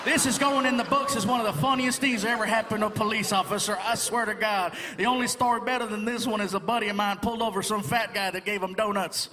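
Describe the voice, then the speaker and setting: A man voicing a veteran male highway cop in a stand-up routine, with a drawling, laid-back authority. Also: fairly even intonation, quick pace, few pauses, lightly acted. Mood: laughing along. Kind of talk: stand-up character voice. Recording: echoey live venue with crowd ambience.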